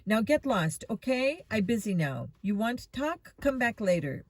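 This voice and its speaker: A woman doing a gruff older vendor with a thick Russian accent. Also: a little high, very animated, normal speed, a little mellow, dry recording. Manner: broken English, blunt and brusque. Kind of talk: storybook reading.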